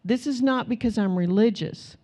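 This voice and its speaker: A middle-aged woman preacher giving a sermon in a conversational, animated storytelling way. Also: on the high side, normal speed. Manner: conversational, animated storytelling, many "you know"s.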